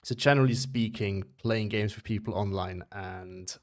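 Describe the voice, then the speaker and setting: Chatting with viewers during a game stream, this young man from Switzerland has a lowish voice and a moderate pace. His English, a second language, carries a blend of British and American accents, and he rambles and self-corrects often.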